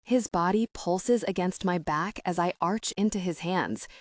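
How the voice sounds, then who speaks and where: Woman narrating a romance audiobook softly. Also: fairly low pitch, a little slow, no echo, studio quality. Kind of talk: first-person romance narration.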